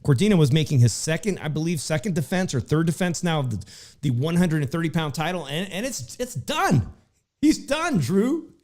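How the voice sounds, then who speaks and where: A man's voice: fairly high pitch, quick pace, darkish tone. A man hosting a casual boxing talk show, chatty and full of fillers, often addressing his co-host by name.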